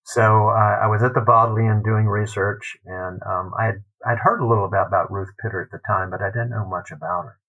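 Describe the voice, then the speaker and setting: A man, a literary scholar, telling an anecdote in a podcast interview, animated and acting out the quotes. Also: on the low side, brisk, hardly any pauses, phone-quality sound. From United States.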